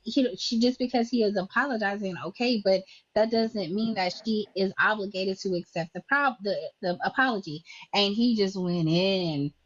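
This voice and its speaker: A woman's voice: medium pitch, no echo, lo-fi sound. A woman in casual chat, recapping a chain of online arguments and acting out what each person said. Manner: rapid storytelling, acting out quotes. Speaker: recapping livestream drama for a panel.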